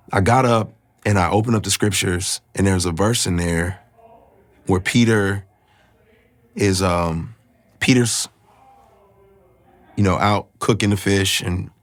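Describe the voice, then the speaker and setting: Man, personal testimony, emotional and halting, fairly low voice, dry close sound. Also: no echo. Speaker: guest sharing his testimony.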